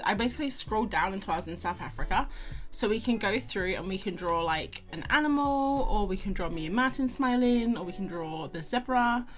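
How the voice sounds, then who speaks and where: Chatty woman streamer over soft music. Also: mid-range voice. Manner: chatty, rambling, greets viewers by name. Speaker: livestream host. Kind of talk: casual chat while drawing.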